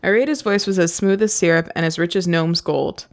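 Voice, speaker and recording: A woman podcast host reading a novel aloud and breaking off with gushing, excitable asides. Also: fairly low pitch, brisk.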